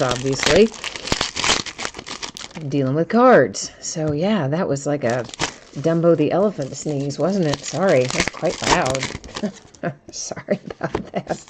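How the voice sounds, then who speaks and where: A woman with a low voice hosts a live card break from her table, chatting casually with viewers and greeting them by name. She explains the rules patiently and at length. Faint noise sits under her voice. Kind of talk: casual live-stream chat. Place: indoors at a table.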